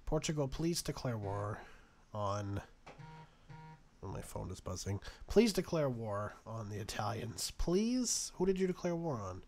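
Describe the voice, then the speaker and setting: A man's voice: on the low side, gravelly, slight background noise. A young man giving casual let's-play commentary on a strategy game, sarcastic and exasperated, talking to the nations on screen. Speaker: gaming YouTuber.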